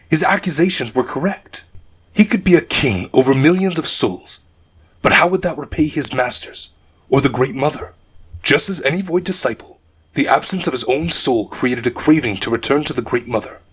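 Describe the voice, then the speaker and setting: A man narrating a dark fantasy audiobook in a measured storytelling manner. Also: mid-range voice, breathy edge.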